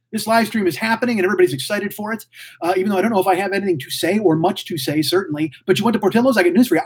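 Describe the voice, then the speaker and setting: A man's voice: high-pitched, darkish tone, slightly rough. A man in his forties hosting a casual livestream, reading chat and rambling profanely like a mouthy motor mouth. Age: 40s. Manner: mouthy, blurts without thinking. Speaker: podcast host reading live chat.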